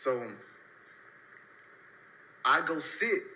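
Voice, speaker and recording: A young man telling a casual story-time tale in loose, rambling, slang-heavy talk, marking each turn with a quick "so boom.". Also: big pitch swings, bright, forceful tone, low-quality recording. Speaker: storyteller in a played clip.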